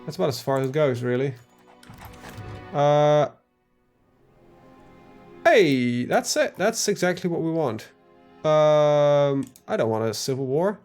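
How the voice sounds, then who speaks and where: A man's voice: on the high side, animated, takes it slowly, pauses often, a little mellow, clear, resonant tone, faint music behind. A man live-streaming a strategy game, talking casually to himself and his chat, full of ums and the odd swear word. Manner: thinks aloud, lots of ums, casual swearing.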